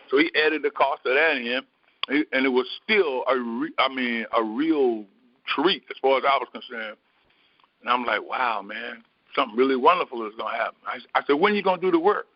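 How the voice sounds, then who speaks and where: A man preaching by telling a personal story in a folksy, animated way, with many fillers. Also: medium pitch, no room sound. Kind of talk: storytelling sermon. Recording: dull, dry lo-fi recording.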